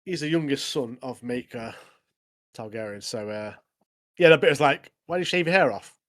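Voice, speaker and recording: A man co-hosting a podcast, talking in a relaxed way and trailing off with fillers. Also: mid-range voice, normal speed. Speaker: podcast co-host. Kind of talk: casual chat.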